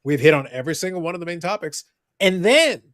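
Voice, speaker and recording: A man's voice: high voice, lively intonation, fast, fairly bright tone, no echo, studio quality. A man hosting a casual live chat show, teasing his guests and swearing casually. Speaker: podcast host.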